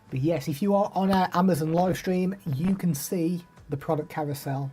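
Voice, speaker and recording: A young man with an English Midlands accent chats his way through a live stream, greeting viewers by name and answering their questions. His voice is dark and mellow with a slightly husky edge. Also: fairly high pitch, brisk, few pauses. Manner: chatty, reads out viewer names and answers them. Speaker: live streamer demoing microphones. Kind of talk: casual live stream chat.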